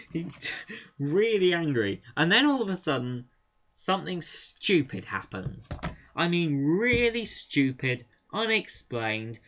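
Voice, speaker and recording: A man's voice: fairly high pitch, fairly bright tone, a little hiss or hum. A young man giving a casual, amused and sarcastic spoken review. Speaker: comic book reviewer. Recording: dull lo-fi recording.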